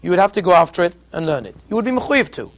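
A man teaches Torah, weaving a parable and sprinkling Hebrew and Yiddish words through his English. His voice sits high and has a gravelly edge. He often sinks to a hushed tone as the story unfolds. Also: sing-song, very fast.

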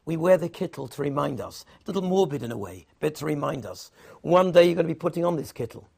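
Gravelly-voiced man giving a sermon. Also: fairly high pitch, animated, fast talker, darkish tone. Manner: weaves Hebrew and Yiddish terms into English teaching. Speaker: rabbi giving a Torah talk.

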